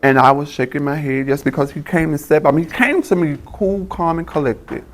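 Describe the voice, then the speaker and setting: A man's voice: fairly high pitch, fairly quick. A man on a reality show recounting a confrontation in a confessional, acting out the lines with sass. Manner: storytelling, acting out both sides with sass. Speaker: reality show cast member. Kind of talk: confessional retelling.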